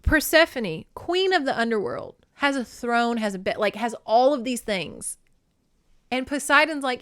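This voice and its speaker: A chatty woman host recapping a novel on a video podcast, joking and animated. Her voice sits a little high, and the recording is close and dry. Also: unhurried, smooth, no room sound. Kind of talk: casual book recap. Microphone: video podcast camera.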